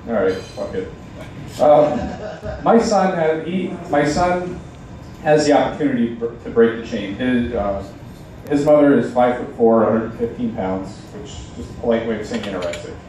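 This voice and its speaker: A young man doing a halting, deadpan stand-up set at a bar open mic night. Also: medium pitch, a little hiss or hum. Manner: halting, deadpan delivery with many ums. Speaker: stand-up comedian. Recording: echoey bar sound from a distance.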